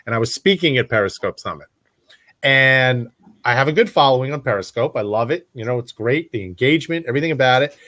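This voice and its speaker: A man from the US East Coast hosting an interview, telling stories with animated impressions of others. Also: mid-range voice, quick pace, no room sound. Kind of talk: conversational interview.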